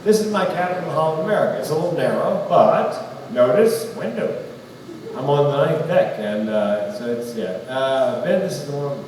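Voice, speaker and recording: A man's voice: a little high, animated, moderate pace, darkish tone. A middle-aged man with a Southern US accent doing stand-up comedy, telling stories and acting out voices in quotes. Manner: storytelling, acts out voices in quotes. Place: large hall on stage. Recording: roomy hall from a distance, audience noise.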